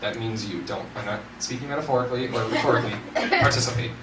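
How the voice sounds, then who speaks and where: A young man doing stand-up comedy in a large hall, animated and laughing often, with bursts of shouting. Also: medium pitch, fast talker. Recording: roomy hall, distant mic, noisy.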